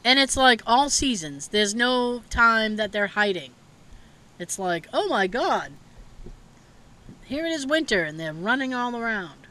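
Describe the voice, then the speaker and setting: A woman's voice: fairly high pitch, lively intonation, unhurried, bright, forceful tone. A young woman chatting casually as a podcast co-host, telling stories, acting out the quotes and laughing often. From Massachusetts. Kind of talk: casual chat.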